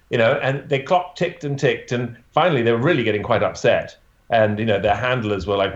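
Man talking in a roomy, dull-sounding room. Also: medium pitch. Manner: halting, many restarts and "you know" fillers. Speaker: portrait photographer. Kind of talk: storytelling in an interview.

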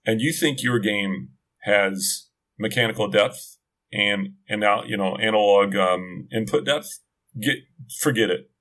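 On a podcast, a middle-aged man chats casually in an unhurried, lowish, slightly bright voice. He rambles through a long story, interrupting himself with many restarts and asides.

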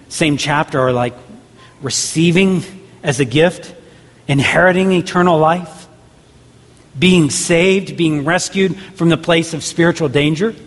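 A man pastor preaching a sermon earnestly, with repeated rhetorical questions. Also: on the high side. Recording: long hall reverb.

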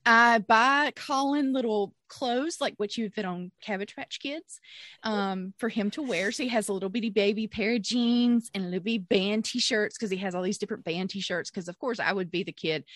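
Bright, animated woman storyteller. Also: medium pitch, normal speed, no room sound, studio quality. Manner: animated, laughing storyteller who acts out her own quotes. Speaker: podcast co-host. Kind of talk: casual storytelling chat.

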